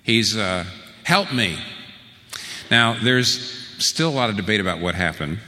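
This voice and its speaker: A man preaching a sermon, asking rhetorical questions and slowing down for emphasis. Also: lowish voice, big-room sound. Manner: rhetorical questions, slow emphatic phrasing, rising to lively peaks.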